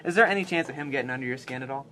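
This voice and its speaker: A man's voice: medium pitch, very fast, bright, forceful tone, slight background noise. A man interviewing a fighter in a casual, enthusiastic way, often saying "nice".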